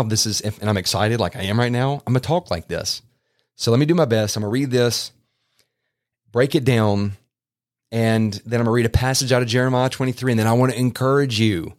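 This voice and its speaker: A man hosting a faith podcast, talking earnestly in a loose, rambling way with many restarts. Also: on the low side. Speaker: podcast host. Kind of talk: casual podcast preaching. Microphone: podcast microphone.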